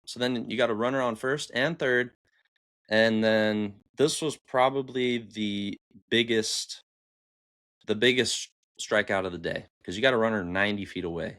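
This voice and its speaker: Man, podcast host, lowish voice, casual sports recap, excitable, animated storytelling. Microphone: camera on upper body, desk mic.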